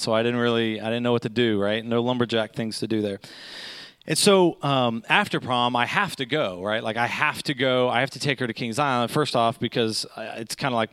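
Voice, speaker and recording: Man, middle-aged, animated storyteller, medium pitch, dry close sound, keeps checking in with the listeners. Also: clean tone, no room sound. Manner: animated, with frequent "okay?" and "right?" checks to the audience. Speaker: speaker telling a personal story to an audience. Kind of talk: humorous personal storytelling.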